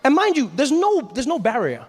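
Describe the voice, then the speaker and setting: High-voiced man telling a stand-up story. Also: fairly quick. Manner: animated, acts out characters. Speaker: stand-up comedian.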